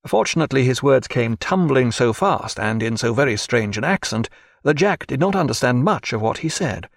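A male audiobook narrator reads a novel in an expressive storytelling manner. His pitch moves a great deal from phrase to phrase around a middle register. The recording is dry and close. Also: moderate pace, no room sound.

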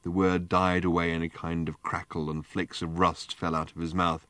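A man narrating an audiobook in a measured, dry storytelling manner. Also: low-pitched, flat delivery, a bit bright, no room sound. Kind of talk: scripted narration.

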